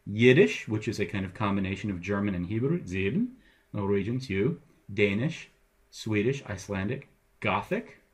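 A man's voice: lowish voice, breathy edge. A middle-aged male English professor giving a recorded lecture over slides, with a wry, playful teacher's manner.

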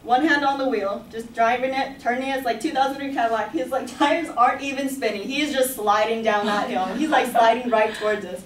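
Young woman rambling through a story in class, bit high voice, sounds far off in an echoey room. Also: brisk, few pauses, a little hiss or hum. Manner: chatty, animated, full of "like" and laughs. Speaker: student storyteller. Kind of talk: personal story told to a class.

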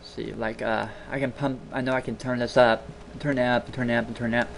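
A man hosts a casual screen-recording tutorial from his home computer, speaking into a desktop mic in a chatty, rambling way and repeating words for emphasis. His mid-range voice holds fairly flat in pitch, runs a little fast, and has a creaky edge. A bit of hiss or hum sits under the recording.

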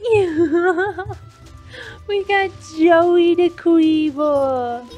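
A woman's voice: extremely high pitch, drawn-out words, darkish tone, muffled recording, soft background music. A woman hosting a casual let's play, cooing and giggling as she plays. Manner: cooing, giggly, easily delighted. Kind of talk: casual gameplay commentary.

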